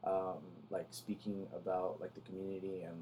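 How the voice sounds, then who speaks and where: A young man co-hosting a podcast in casual chat, pushing himself to talk louder than he normally does and telling stories with animation, close to the mic. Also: sits low, level tone, normal speed, slight background noise. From Salvadoran family in the United States. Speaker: podcast co-host.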